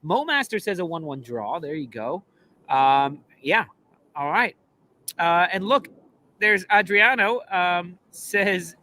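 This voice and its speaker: Bright, teasing male show host. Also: sits high, expressive, slow pace, a little hiss or hum. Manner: teasing, reads viewer comments aloud. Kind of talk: casual football chat.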